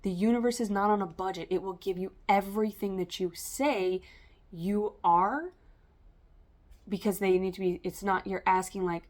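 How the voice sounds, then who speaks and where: A woman's voice: mid-range voice, fairly even intonation, normal speed, darkish tone. Woman tarot reader talking straight to camera, loose and rambling, full of "um" and "like". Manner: rambling, stream-of-consciousness, many fillers. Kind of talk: casual spiritual reading to camera.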